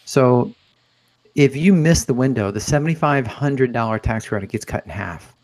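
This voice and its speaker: A man's voice: mid-range voice, expressive, normal speed, a little mellow. A man on a podcast thinking aloud and asking surprised questions. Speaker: podcast co-host. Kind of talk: casual podcast chat.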